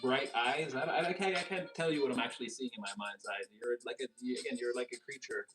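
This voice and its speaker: A man giving a casual tarot reading, excitable and rambling, with many restarts and fillers. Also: mid-range voice, fast talker, rough recording. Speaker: tarot reader.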